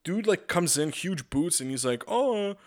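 A man's voice: on the high side, expressive, normal speed. Rambling, profane podcast host man. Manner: rambling, profane, stammering restarts. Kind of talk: casual comedic monologue.

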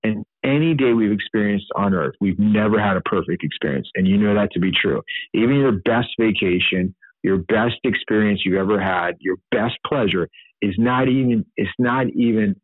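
Low, husky man on a phone-like line. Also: normal speed, no echo. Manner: earnest, many fillers and restarts. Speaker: Catholic podcast host. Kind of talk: unscripted teaching commentary. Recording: dry, phone-like sound.

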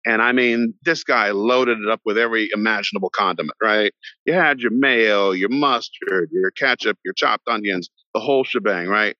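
A middle-aged man, an actor guest on a podcast, telling a long story in an animated way and acting out the voices of the people in it. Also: on the low side, normal speed, no echo. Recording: dull lo-fi sound, dry.

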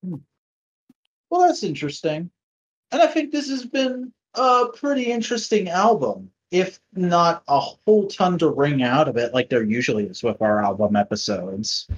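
A man's voice: fairly high pitch, lively intonation, moderate pace. A man hosting a podcast in casual chat, loose and profane, who also edits the show. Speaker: podcast host. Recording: dull lo-fi sound.

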